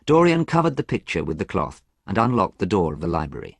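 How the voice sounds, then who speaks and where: Man, story narration for English learners, clear and measured, low voice, lively intonation, dry close sound. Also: no room sound. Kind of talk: scripted narration.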